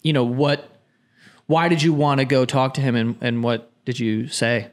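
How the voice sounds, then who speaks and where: A man hosting a podcast interview, asking hesitant, gentle questions. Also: medium pitch, fairly even intonation, moderate pace. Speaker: podcast host.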